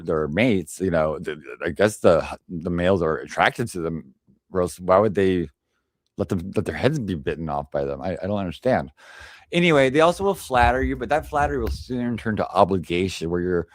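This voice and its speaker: A man's voice: low voice, lively intonation, fairly quick, dry recording, clean studio sound. Rambling, sarcastic man hosting a stream. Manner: rambling, sarcastic, with frequent restarts. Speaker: livestream panel host. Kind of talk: rambling livestream presentation. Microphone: desk microphone on a stream.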